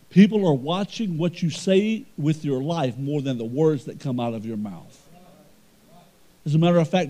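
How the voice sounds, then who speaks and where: A male pastor preaching a sermon, swinging between emphatic swells and quiet storytelling. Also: fairly high pitch.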